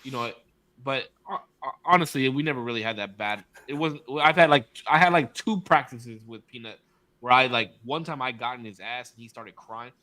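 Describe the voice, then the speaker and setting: A man co-hosting a casual podcast, an animated storyteller who acts out quotes and swears freely. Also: mid-range voice, normal speed. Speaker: podcast co-host, father.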